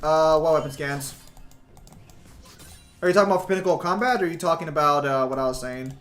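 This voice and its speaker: A man's voice: fairly high pitch, fast talker, fairly bright tone, soft background music. A young man streaming games from home, chatting casually to his viewers, rambling with lots of fillers and swearing constantly. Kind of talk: casual gaming stream chat.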